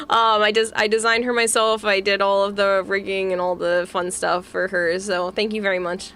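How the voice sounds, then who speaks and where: Giggly bright-voiced woman with a Boston accent. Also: mid-range voice. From Massachusetts, USA. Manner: giggly, chatty, reads and answers chat. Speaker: VTuber streamer. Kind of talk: casual livestream chat.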